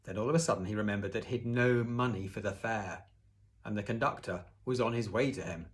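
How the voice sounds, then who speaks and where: Low-voiced man reading a storybook aloud. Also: brisk. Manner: expressive, with casual asides to the listener. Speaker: audiobook reader. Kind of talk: reading a children's novel aloud.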